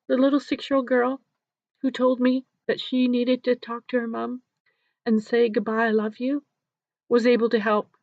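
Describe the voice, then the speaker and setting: A middle-aged woman speaks in a husky, gravelly voice as she tells a nurse's story, often sinking to a soft near-whisper. The recording is dry and a little dull. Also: medium pitch, dry recording. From Canada. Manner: gentle, often drops to a hushed near-whisper. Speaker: nurse and grief educator. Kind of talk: storytelling a case study.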